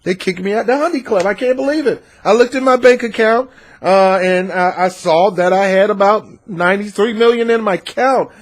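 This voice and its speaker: A man's voice: sits high, brisk, pitched above the performer's own voice, natural voice. A man voicing a self-pitying wealthy husband who whines in exaggerated disbelief. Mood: distraught.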